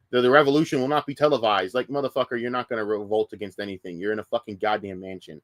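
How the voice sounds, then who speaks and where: A man's voice: fairly low pitch, steady tone, very fast, hardly any pauses, no room sound, clean studio sound. A man ranting in casual stream commentary, profane, heated and sarcastic. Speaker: streamer reacting to news.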